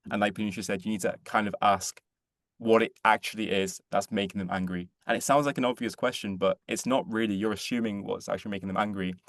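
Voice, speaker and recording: Brief: young male presenter, low-ish voice, fast and earnest, dry close recording. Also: steady tone, fairly bright tone, no echo. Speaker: webinar presenter. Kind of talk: reflective explanation in a webinar.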